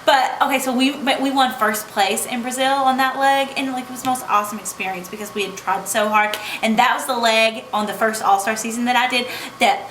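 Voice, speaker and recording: A woman's voice: a little high, steady tone, moderate pace, a bit bright. A young American woman vlogging casually, gushing and bubbly, full of "like" and "oh my gosh". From United States. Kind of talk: casual travel storytime vlog. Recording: echoey room with faint background noise.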